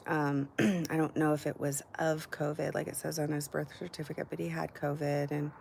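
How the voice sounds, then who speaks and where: A woman's voice: deep voice, level tone, moderate pace, gravelly, a little mellow, slight background noise. A middle-aged woman hosting a live stream from home, chatting casually and candidly with her viewers and swearing freely. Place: at home, indoors.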